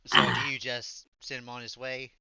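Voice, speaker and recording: A man's voice: medium pitch, big pitch swings, moderate pace, bright, forceful tone. A man running a tabletop role-play game as game master, laid-back and saying "y'all".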